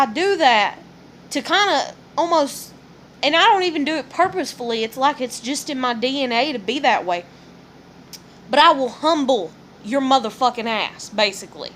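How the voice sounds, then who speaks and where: A middle-aged woman with a high-pitched voice ranting bluntly and profanely to camera. She talks casually and heatedly, acting out quoted exchanges as she vents about being taken for granted. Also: fairly bright tone, slight background noise. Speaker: parent venting about relationships. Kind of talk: casual vlog rant.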